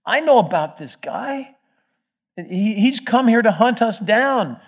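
A man's voice: high voice, animated, slow, lo-fi sound, pitched above the performer's own voice, exaggerated voice. A man voicing a nervous male disciple who protests to God in a raised, strained voice. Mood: anxious pleading.

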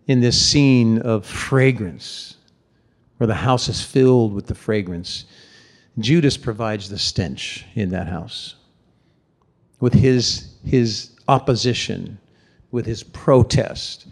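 A man's voice: medium pitch, slow pace. A man preaching a sermon in a conversational, emphatic way, often repeating words for stress.

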